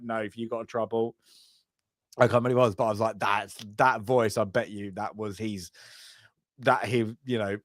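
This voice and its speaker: A man co-hosting a film review podcast in casual chat, rambling and trailing off, then breaking into loud shouted impressions. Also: medium pitch, no echo, clean studio sound. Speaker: podcast co-host.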